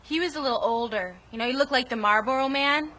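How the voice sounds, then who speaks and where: A man's voice: extremely high pitch, fast, sharp tone, a little hiss or hum, pitched above the performer's own voice. A man voicing a chatty small-town young woman witness with a Minnesota accent.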